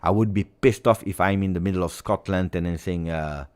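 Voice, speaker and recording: A man's voice: fairly low pitch, lively intonation, normal speed, hardly any pauses. A man hosting a fan channel, chatting casually on a livestream, rambling with fillers and self-corrections.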